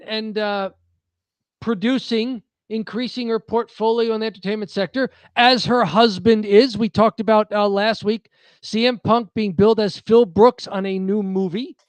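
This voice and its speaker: A man's voice: high voice, steady tone, measured pace, smooth, no room sound. A man co-hosting a wrestling podcast, reading news in a chatty, joking way with frequent restarts. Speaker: podcast co-host. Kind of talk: casual wrestling news chat.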